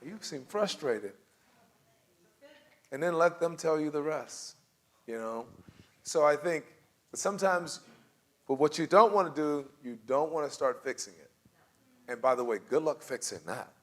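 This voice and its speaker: A man leads a church group discussion in a lively voice that swings up and down. He laughs often and acts out sample replies as he goes. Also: fairly high pitch, normal speed. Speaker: church class leader.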